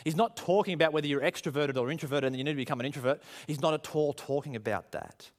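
A man preaching a sermon, animated and full of rhetorical questions, acting out quoted voices. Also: a little high, fast talker. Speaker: pastor.

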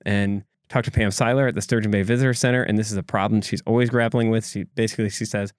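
Fairly low in pitch and fairly even in intonation, this man speaks fast on a podcast he co-hosts. He reports a local story casually, drifting into asides and restarting thoughts, in studio-quality audio with no room sound.

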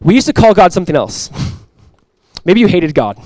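Young male pastor preaching, earnest, repeats phrases, slightly higher voice, dry close sound. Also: big pitch swings, normal speed, dry recording, poor audio. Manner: earnest, repeats key phrases, drops to soft intimate tones. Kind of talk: sermon.

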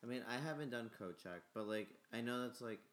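A man's voice: medium pitch, lively intonation, fairly quick, fairly bright tone. A young man, a podcast guest, chatting casually and rambling with lots of filler words. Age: young adult. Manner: rambling, heavy use of filler "like". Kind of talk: casual chat.

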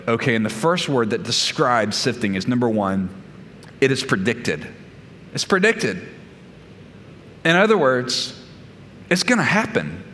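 A man's voice: fairly high pitch, pushed and bright. A man preaching a sermon as pastor, emphatic, repeating key phrases and laying out numbered points. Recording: long reverb of a large hall.

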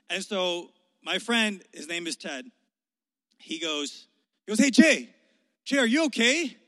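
Bright-voiced man preaching in a hall. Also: sits high. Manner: animated, conversational, with frequent restarts. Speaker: youth pastor. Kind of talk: storytelling sermon.

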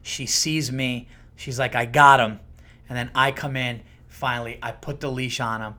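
A man in his thirties or forties hosting a podcast, telling a story in a casual, profane, animated way and acting out quotes with sudden jumps in pitch and loudness. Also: moderate pace. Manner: profane and conversational. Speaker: podcast host.

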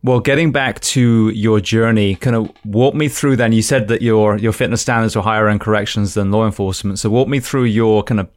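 A man's voice: fairly low pitch, steady tone, fairly quick, few pauses. A man hosting an interview, giving earnest opinions and asking his guest to walk through his career. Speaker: podcast host.

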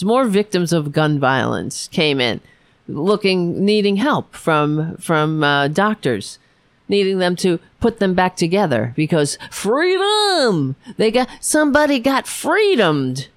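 A woman's voice: on the low side, no room sound. Sarcastic ranting woman podcaster. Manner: angry, sarcastic, profane, rambling with restarts. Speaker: political podcast host. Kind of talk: ranting solo commentary.

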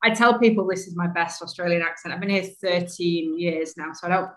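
A woman with a Manchester accent talks as a guest over a video call. Her voice sits on the low side, and her manner is chatty and self-deprecating, often breaking into laughter. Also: steady tone, a little fast, rough recording. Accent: English, Manchester. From Manchester, England. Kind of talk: casual conversation.

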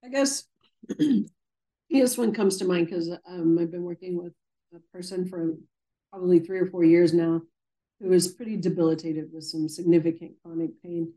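A woman physical therapist calmly recounting a patient's progress in a measured way. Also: on the low side, low-quality recording. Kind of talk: casual chat, reflective storytelling.

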